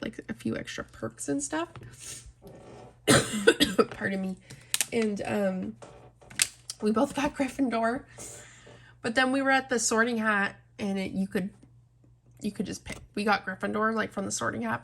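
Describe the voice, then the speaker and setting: A young woman with a somewhat high, gravelly voice chats casually to her viewers while she colors. She rambles in an open, heartfelt way, addressing them directly. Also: normal speed, pauses often, a bit bright, a little hiss or hum. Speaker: coloring channel host.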